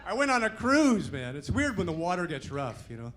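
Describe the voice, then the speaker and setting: A middle-aged man doing a stand-up comedy set on a club stage, with punchy, animated delivery and a crowd laughing along. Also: high voice, brisk. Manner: punchy, animated joke delivery with character voices. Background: audience laughter.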